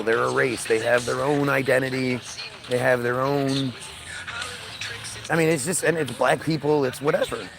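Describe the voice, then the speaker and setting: A man's voice: mid-range voice, creaky. A man ranting in a casual monologue, swearing often, with frequent stammers and restarts. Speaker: podcast host.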